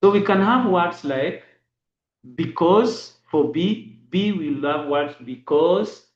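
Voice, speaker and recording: Slow man teaching in an echoey room. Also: high voice, lively intonation, dull audio. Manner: slow, spells letters and dot numbers. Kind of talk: braille lesson.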